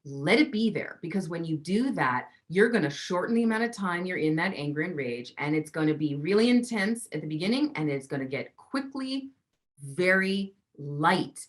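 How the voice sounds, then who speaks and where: A woman's voice: lowish voice, animated, moderate pace. A woman coach being interviewed, talking emphatically and acting out the voices in people's heads. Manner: emphatic, acts out inner voices. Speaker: relationship coach guest. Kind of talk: teaching interview talk.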